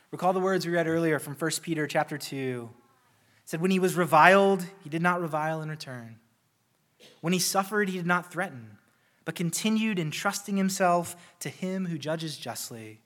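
A man preaching a sermon in an earnest way, slowing down and building intensity through lists. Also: a little high, expressive, fairly bright tone. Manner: earnest, slows and stresses key phrases. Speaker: pastor.

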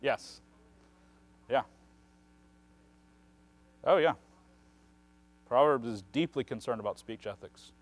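A man's voice: medium pitch, takes it slowly, pauses often, faint music behind. Man explaining scripture, tagging "right?". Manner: explains at length, often adds a questioning "right?". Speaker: Bible teacher. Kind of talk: conversational Bible teaching.

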